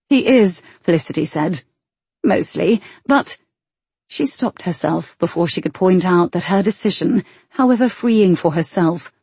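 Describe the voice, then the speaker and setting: Woman audiobook narrator, measured and expressive, low mellow voice, husky, dry studio sound. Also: no room sound. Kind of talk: scripted narration.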